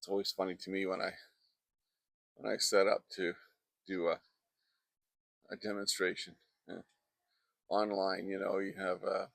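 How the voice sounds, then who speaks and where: A man's voice: deep voice, creaky, fairly bright tone, no room sound. A man giving a casual painting demonstration outdoors in a backyard, chatting and wandering off into asides as he works, speaking into a close microphone. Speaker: painting instructor.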